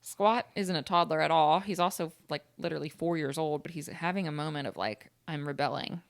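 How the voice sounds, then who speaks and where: A woman's voice: sits low, brisk, vocal fry. A young woman co-hosting a podcast in casual, laughing banter. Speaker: podcast co-host. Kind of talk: casual chat.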